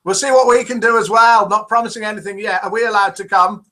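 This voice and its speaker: A man's voice: sits high, fairly even intonation, fast talker, pushed and bright, poor audio. A man from England with a Midlands accent hosting a live call-in show, chatting and reading out listeners' messages. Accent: English Midlands. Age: older. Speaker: host.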